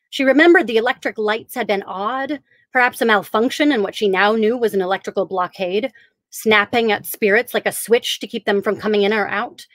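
A woman's voice: fairly high pitch, no echo. Woman giving a theatrical book reading. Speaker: author reading her own fiction. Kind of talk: reading aloud from a novel. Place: home during lockdown, live stream.

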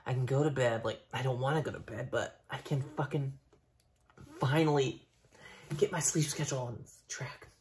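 Recorded in an echoey room with a bit of hiss or hum, a young, tired Canadian from Ontario vlogs casually, cursing and wandering off-topic as he alternates between outbursts and mumbling. His medium-pitched voice has a darkish tone, fairly even intonation and normal speed.

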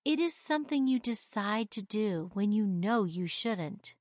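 A woman doing a warm, reassuring mother. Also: medium pitch, a little slow, no echo, studio quality, lightly acted. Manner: gentle, calm explaining.

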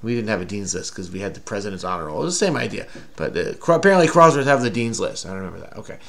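Talking at a racing clip, this man has a lowish, very animated voice with vocal fry and a fairly bright tone. He hosts a casual crossword session with a child, teasing playfully and patiently going over clues.

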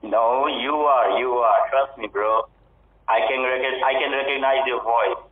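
A man's voice: mid-range voice, steady tone, unhurried, husky, dry recording, recorded from a distance. A man working at a call center who talks on the phone insistently and repeats himself. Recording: noisy phone line.

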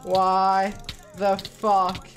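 A woman's voice: mid-range voice, completely flat delivery, very slow, slight background noise. A woman giving live gameplay commentary, talking to herself, getting frustrated and swearing often. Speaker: gamer.

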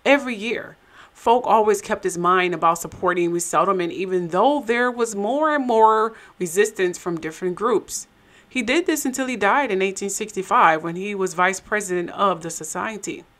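A woman's voice: medium pitch, fairly bright tone. A woman hosting and narrating a commentary show, with sarcastic, skeptical asides. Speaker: show host.

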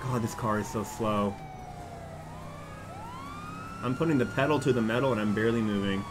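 A young man casually commenting as he plays a video game, animated and prone to shouting at what happens on screen. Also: fairly low pitch, moderate pace, background noise. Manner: animated, exclaims and yells at the game. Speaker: gaming YouTuber.

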